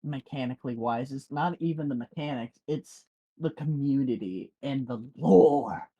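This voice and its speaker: A man's voice: medium pitch, normal speed, dark tone, breathy edge, highs cut off. Easygoing laughing young man podcaster. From Southern United States. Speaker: podcast co-host. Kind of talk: casual chat.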